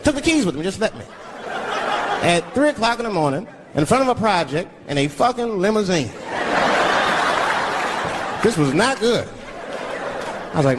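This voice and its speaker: Recorded live at a comedy show before a big audience, a Washington, D.C. man tells stories packed with put-on voices. His high-pitched, sing-song delivery moves at a moderate pace with long pauses, over background noise and loud crowd laughter.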